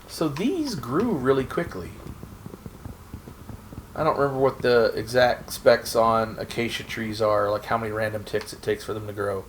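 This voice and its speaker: Man, casual game streamer, rambling, goofy, mid pitch, faint keyboard noise. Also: unhurried, pauses often. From Oklahoma. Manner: rambling, goofy, self-talk while playing. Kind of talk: casual gameplay chat.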